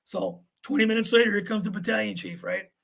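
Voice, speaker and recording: Gravelly, raspy-voiced storyteller man in his fifties. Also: high-pitched, fast talker. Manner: profane, animated storyteller who acts out others' lines. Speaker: retired firefighter guest. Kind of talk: casual storytelling on a podcast.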